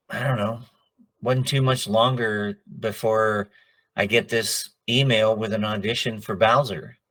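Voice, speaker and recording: A middle-aged man, a voice actor, telling stories in a casual interview and acting out the people he quotes. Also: fairly low pitch. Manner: animated, acts out quoted dialogue. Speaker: voice actor guest.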